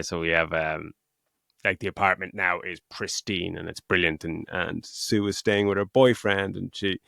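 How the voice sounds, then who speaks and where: Low-voiced swearing podcast host. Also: male voice, moderate pace, gravelly, fairly bright tone, no echo, studio quality. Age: middle-aged. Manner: swears freely, laughs while retelling scenes. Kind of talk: casual film review chat.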